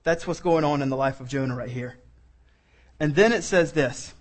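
A man preaching a sermon, animated, acting out the lines of the people in the story and laughing often. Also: mid-range voice, moderate pace. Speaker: pastor.

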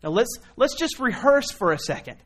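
A man preaching a sermon in an earnest, pleading way, moving from quiet reasoning to impassioned appeals. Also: very high-pitched, big pitch swings, moderate pace, slightly rough. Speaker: pastor.

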